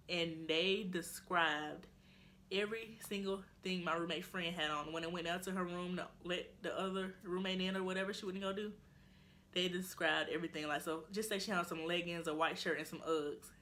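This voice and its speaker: Bright-voiced young woman telling a story. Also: lowish voice, a little hiss or hum. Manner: animated casual storytelling, quotes friends in voices. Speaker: vlogger. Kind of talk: storytime vlog.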